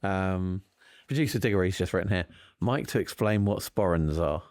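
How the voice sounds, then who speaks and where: Man, podcast quiz host, deadpan jokey banter, lowish voice. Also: moderate pace, no echo, studio quality. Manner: jokey, deadpan asides, frequent laughter. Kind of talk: comedic news quiz banter.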